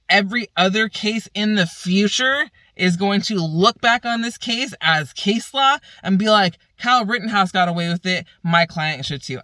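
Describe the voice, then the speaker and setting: A woman's voice: fairly low pitch, sharp tone, no room sound. A woman vlogging outdoors as a law student, ranting in exasperation with heavy profanity and repeated emphasis. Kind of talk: ranting vlog. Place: outdoors, by a path.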